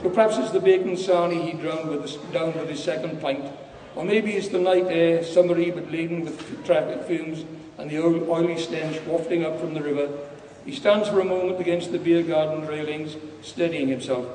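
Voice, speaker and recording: A man's voice: on the high side, fairly even intonation, normal speed, mellow. A man giving a live public reading of his own story, wry and earthy. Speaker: author reading his work. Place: large performance venue. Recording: echoey hall from far off, faint hum.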